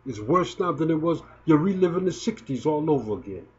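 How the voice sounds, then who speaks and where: A brisk, expressive male voice, fairly high, belongs to a video blogger in his fifties. His emotional commentary is indignant, full of stumbles and repeated words. The recording quality is dull and lo-fi.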